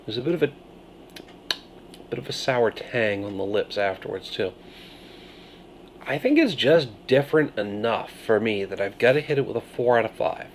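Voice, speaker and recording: A man reviewing a beer on his video channel, musing through his tasting notes with pauses and thoughtful hums. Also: lowish voice, expressive, slight background noise. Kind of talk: casual beer review vlog.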